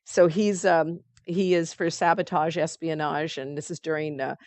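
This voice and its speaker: A woman's voice: deep voice, fairly even intonation, moderate pace, darkish tone, no echo. A woman leading a spiritual study group. She reads passages aloud and talks about them in a loose, conversational way with many fillers. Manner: reads passages aloud, then comments in a chatty way.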